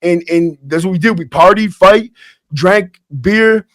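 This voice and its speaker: Speaking in a high, somewhat bright voice at an unhurried pace, this former prisoner hosts a podcast and tells stories casually. His delivery is blunt and streetwise, peppered with "bro" and restarted sentences. Faint acoustic guitar plays behind a dry, studio-quality recording.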